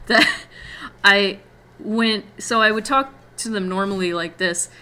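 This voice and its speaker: Bright-voiced giggly young woman streaming. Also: mid-range voice, slow, clear, resonant tone. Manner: giggly, chatty. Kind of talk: casual stream chat.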